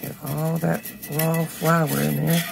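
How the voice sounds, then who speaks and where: A hoarse woman, chatting to viewers while she cooks in her home kitchen, filmed on a handheld phone. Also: on the low side, heavy background noise. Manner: chatty, talks straight to viewers. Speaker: home cooking channel host. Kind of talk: casual cooking demonstration. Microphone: phone held in one hand.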